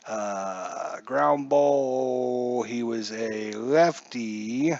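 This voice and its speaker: A man narrating a solo dice baseball game at an unhurried pace, chatty and joking to himself as he reads his charts. The sound is dull and muffled, with a dry, close feel. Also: mid-range voice, creaky, a little mellow, no echo. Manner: chatty, jokey, talks to himself while checking charts.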